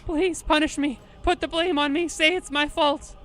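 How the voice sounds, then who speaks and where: A woman's voice: high-pitched, fairly even intonation, normal speed, fairly bright tone, faint music behind, voice pushed up. A woman voicing a guilt-stricken woman from a game who frantically apologizes and begs to be punished. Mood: pleading. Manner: pleading, frantic, repeating apologies.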